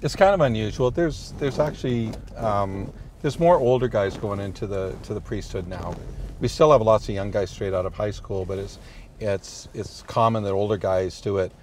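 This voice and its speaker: A man's voice: on the low side, moderate pace, darkish tone. A middle-aged man, a priest, telling stories in a rambling, good-humored way with many restarts, recorded in a moving car. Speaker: priest, interview guest. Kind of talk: casual storytelling chat. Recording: road noise in a moving car.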